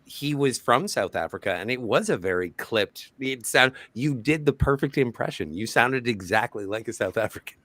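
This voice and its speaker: A man co-hosting a late-night stream, his voice lively and bouncing as he rambles and teases the others. The sound is dry and close-miked. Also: medium pitch, moderate pace, few pauses, dry recording. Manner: joking, rambling, teasing. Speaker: co-host.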